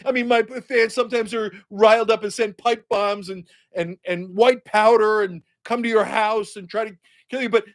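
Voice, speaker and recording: A man voicing a whiny, blustering older male politician who throws shouting tantrums. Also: sits high, steady tone, normal speed, pitched above the performer's own voice. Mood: whining.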